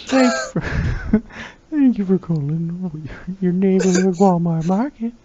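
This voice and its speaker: A man voicing a creepy elderly male pervert with a slow, leering, quavering drawl. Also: noisy background. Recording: muffled low-fi audio.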